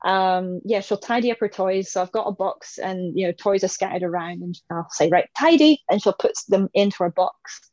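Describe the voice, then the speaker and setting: A woman's voice: mid-range voice, little pitch movement, normal speed, few pauses, a little mellow, dry recording, muffled recording. A woman in her thirties, talking as an interview guest in a casual, chatty way, laughing often and playing out little voices. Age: 30s.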